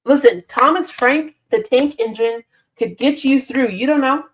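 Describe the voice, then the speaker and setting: A woman's voice: high-pitched, unhurried. A woman hosting a casual live stream, reading viewer comments aloud and answering them with frequent laughs, sleepy and yawning. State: sleepy, yawning early in the morning. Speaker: football channel host reading live chat.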